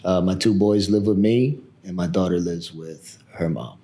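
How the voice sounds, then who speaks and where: A man in his thirties speaks with a somewhat low voice as a podcast guest. He talks casually about his family and acts out the voices of the people in his stories. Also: normal speed. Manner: animated storyteller who acts out the people he quotes. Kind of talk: casual storytelling chat.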